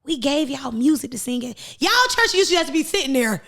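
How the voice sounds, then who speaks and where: High-voiced American woman ranting emphatically. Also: fairly quick, creaky, very noisy. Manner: animated, emphatic, preachy ranting. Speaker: podcast host. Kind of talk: casual chat.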